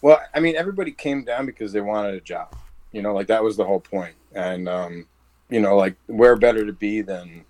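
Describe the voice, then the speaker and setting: A man's voice: fairly low pitch, fairly quick, no room sound, low-quality recording. A man with a New Jersey accent, a professional wrestler chatting as an interview guest and acting out quoted dialogue. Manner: animated storyteller who acts out quoted dialogue. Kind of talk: casual interview chat.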